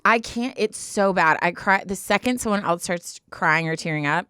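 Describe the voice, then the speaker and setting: A young woman co-hosting a podcast, telling stories in an emotional, animated way during a casual chat. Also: lowish voice, normal speed, clear, resonant tone, no room sound, studio quality, faint music behind. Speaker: podcast co-host.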